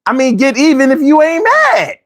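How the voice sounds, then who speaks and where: A man's voice: very high voice, very animated, moderate pace, fairly bright tone. A man hosting a casual livestream talk show. He uses slang, repeats phrases and asks his viewers rhetorical questions.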